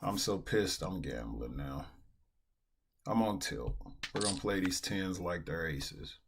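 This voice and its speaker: A man's voice: sits low, animated, a little slow, a bit bright, a little hiss or hum. A man streaming online poker, talking casually and venting with a lot of swearing. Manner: profane, venting. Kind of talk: casual live-stream commentary while playing. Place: at a computer, indoors.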